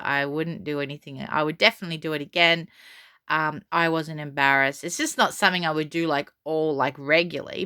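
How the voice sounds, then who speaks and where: A middle-aged woman with a low but bright, crisp voice tells a casual vlog story. She rambles, restarts often and sounds plainly unbothered by others' opinions. The sound is dry and close. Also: dry recording. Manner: chatty and rambling, many fillers and restarts; defiant, unbothered. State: frog in her throat. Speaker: vlogger.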